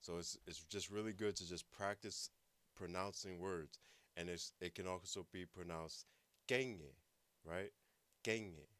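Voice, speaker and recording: A man's voice: sits low, little pitch movement, moderate pace, a bit bright, dry recording. A man teaching a language class, patiently explaining and repeating words for practice. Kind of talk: online language lesson.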